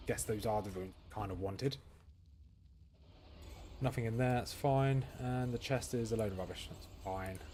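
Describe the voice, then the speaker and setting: A man's voice: lowish voice, a little slow, pauses often, mellow, slight background noise. A man giving casual commentary as he plays a game, thinking aloud and answering viewers' questions. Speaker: gaming streamer.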